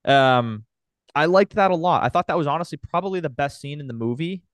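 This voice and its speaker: Man chatting with a smooth voice. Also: on the high side, lively intonation, fairly quick, no echo. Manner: enthusiastic, rambling with many fillers. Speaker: podcast host. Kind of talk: casual chat.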